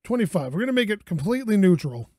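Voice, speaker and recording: A man talks through a game in a casual commentary voice, high and swinging widely in pitch. He mutters to himself and scolds the objects on screen, swinging between exasperation and soothing. The sound is dry and close. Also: big pitch swings, fast talker, darkish tone, no room sound. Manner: mutters to himself, frustrated outbursts and self-soothing. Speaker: gaming YouTuber.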